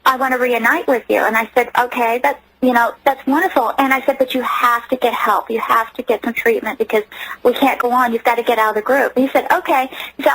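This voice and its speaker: A woman's voice: high-pitched, a bit bright, no room sound, low-quality recording. Earnest woman telling her story. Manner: earnest, emotional storytelling with many restarts. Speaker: interview guest. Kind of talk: personal testimony in a radio interview.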